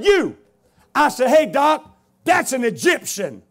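A man preaching a revival testimony, telling his story with rising shouted intensity. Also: extremely high pitch, wildly swooping pitch, takes it slowly. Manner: storytelling, builds to loud shouting.

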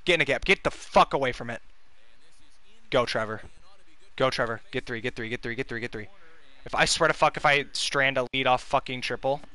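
A man's voice: medium pitch, brisk, bright, forceful tone, no room sound. A young man giving casual, profane gameplay commentary as a gaming video host, venting frustration and urging on his players.

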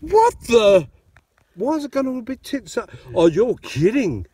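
An excitable Australian man chatting and joking outdoors in a paddock while metal detecting. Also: very high-pitched, normal speed. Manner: excitable, jokey, laughs often. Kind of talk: casual outdoor vlog chat.

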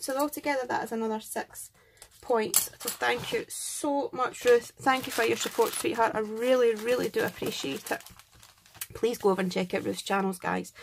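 On her craft channel, a Scottish host opens gifts while chatting casually to camera, gushing over each and warmly thanking whoever sent it. Her voice is on the high side and creaky, with background noise in the recording.

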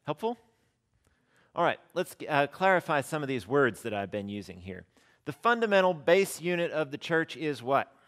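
A man's voice: a little high, very animated, normal speed, fairly bright tone. Conversational male rector lecturing. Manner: conversational, explains and repeats key words, asks the class questions. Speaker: rector teaching a church class. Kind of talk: classroom lecture with questions to the class. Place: church classroom.

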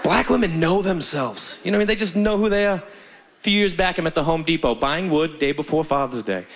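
A man's voice: fairly high pitch, brisk, some chatter behind, a little hiss or hum. A man doing stand-up, telling stories animatedly and acting out the people in them. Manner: animated, acts out voices in his stories. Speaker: stand-up comedian. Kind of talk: stand-up storytelling.

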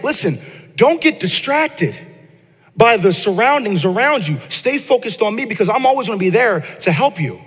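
A man's voice: high-pitched, animated, normal speed, a bit bright, breathy edge. A man preaching a casual, conversational sermon to his congregation, often repeating words and asking them questions. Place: church sanctuary. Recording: long church hall reverb.

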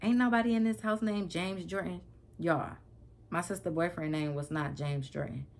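A woman vlogger telling a story casually to camera, animated and emphatic, often repeating herself and addressing her viewers. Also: fairly low pitch, normal speed, creaky.

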